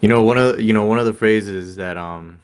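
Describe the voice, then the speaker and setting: A man hosting a relaxed interview, working his way toward each question through lots of fillers and restarts. His voice sits a little low, and he sounds easygoing and unhurried. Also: clean tone. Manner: rambling questions full of fillers. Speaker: host.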